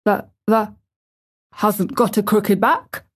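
A woman voicing a blunt, tactless old male gardener with a hoarse, quavering voice in a storybook reading. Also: medium pitch, fairly even intonation, takes it slowly.

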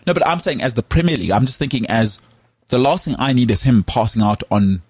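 A man co-hosting a podcast, talking football in an animated, joking way. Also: medium pitch, husky, no room sound. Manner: animated, jokey, does quick impressions of others. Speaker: podcast co-host. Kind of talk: casual sports chat.

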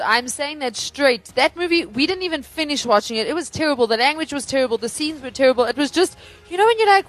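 Playful female co-host, slightly high voice. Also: animated, fairly bright tone, soft background music. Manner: playful, quick to laugh and tease. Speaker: podcast co-host. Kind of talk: casual chat.

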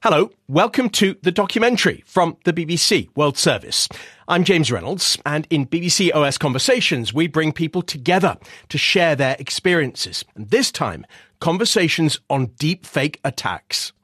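A man hosting a documentary, presenting from a script in a measured way. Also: on the high side, animated, a bit bright, slightly rough, dry recording, clean studio sound, soft background music. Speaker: documentary host.

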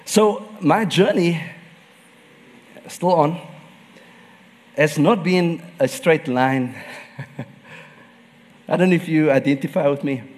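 A man preaches from the pulpit, his slightly higher voice carrying a long reverb through a church hall. He shares personal stories and breaks into laughter often. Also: slow, pauses often. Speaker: pastor. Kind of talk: sermon.

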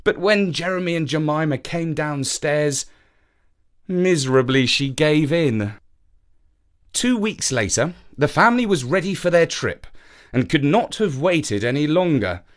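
A man presenting and reading a children's story aloud, animated and acting out the characters. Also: a little high, a little slow.

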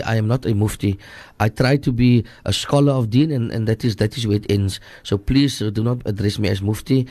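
Cape Town man, radio advice scholar, earnest and repetitive, middle pitch, dry studio mic. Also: brisk, mellow, no room sound. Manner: earnest, repetitive, switches into Afrikaans. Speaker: radio guest scholar answering listener questions.

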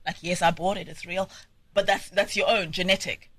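A man with a South African accent hosting a radio show, talking in a lively, teasing way and laughing often. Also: sits high, moderate pace, no echo. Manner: animated, teasing, laughs often, switches languages. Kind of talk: lively studio chat. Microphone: studio microphone.

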